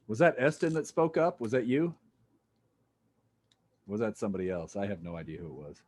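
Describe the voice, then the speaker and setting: A man's voice: lowish voice, a little fast. A man lecturing a physics class, casual and jokey, thinking aloud as he works through problems with students. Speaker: physics instructor.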